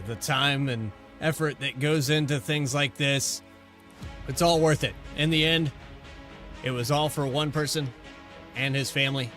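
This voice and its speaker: A man's voice: medium pitch, a bit bright. A man signing off a sim racing broadcast, speaking in a heartfelt, folksy announcer manner. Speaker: broadcast commentator. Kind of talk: race broadcast sign-off. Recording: music playing behind the voice.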